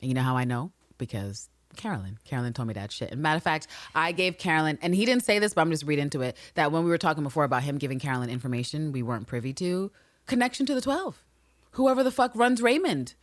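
Woman podcast co-host, lively and swearing, acts out scenes, low voice, dry sound. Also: dry recording. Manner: animated, profane, acts out characters in scenes. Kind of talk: casual recap chat.

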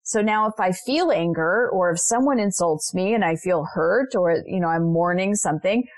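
Reflective woman guest, low voice. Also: moderate pace, no room sound. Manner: earnest, reflective, lots of "you know" asides. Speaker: guest, transformational leader and spiritual mentor. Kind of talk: personal storytelling interview.

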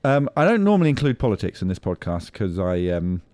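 A man's voice: fairly low pitch, sing-song, quick pace, darkish tone, dry recording. A man hosting a comedy podcast, quizzing his guests in a playful, teasing way. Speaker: podcast host.

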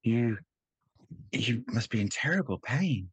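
A man voicing a calm, gently manipulative woman investigator who speaks with sweet concern. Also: medium pitch, a little slow, breathy edge, no echo, voice pushed up. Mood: soothing.

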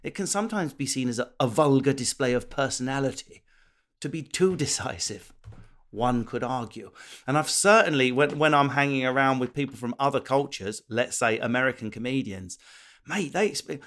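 A man's voice: mid-range voice, normal speed. A man from England with an Essex accent, a comedian and podcast host chatting casually, swearing freely and acting out voices. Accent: Essex English. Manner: animated, swears freely, acts out voices mid-story. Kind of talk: casual chat.

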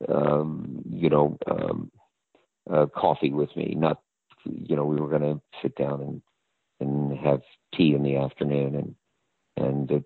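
Deep older man on a tinny line. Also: vocal fry, dry recording. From American South. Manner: rambling and hesitant, with many fillers and restarts. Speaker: interview guest. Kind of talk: casual anecdotal storytelling. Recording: dry, phone-like line.

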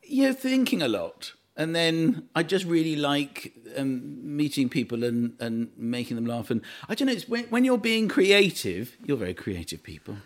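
Animated man telling rambling stories. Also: fairly high pitch, moderate pace, hardly any pauses. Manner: rambling, self-deprecating storytelling with restarts. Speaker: comedian guest. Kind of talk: anecdotal chat.

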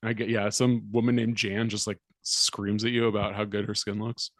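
A man's voice: fairly low pitch, little pitch movement, moderate pace, fairly bright tone, no room sound. Dry-voiced man reading aloud wryly. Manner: wry, reads quotes with mock drama. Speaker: podcast co-host. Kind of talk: casual chat, reading an article aloud.

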